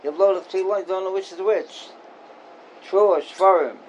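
A man's voice: high voice, steady tone, normal speed, darkish tone, highs cut off, a little hiss or hum. A man teaching an informal Torah class as a rabbi, questioning and emphatic, repeating his key points.

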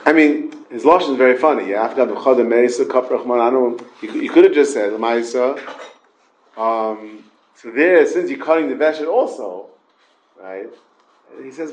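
A man's voice: mid-range voice, low-quality recording. A man with a Yeshiva English accent teaching an informal Talmud class, mixing Hebrew and Yiddish terms into his English and questioning his students.

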